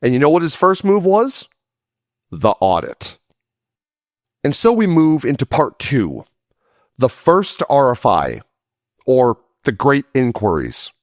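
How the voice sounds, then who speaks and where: A man's voice: mid-range voice, very animated, measured pace, dry recording, studio quality. A man narrating a history series in a scripted but conversational way, with casual asides.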